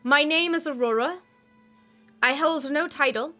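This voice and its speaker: A woman's voice: high voice, unhurried, pushed and bright, faint music behind, pitched above the performer's own voice. A woman voicing a tall, strong half-elf woman who leads a town, guarded and blunt.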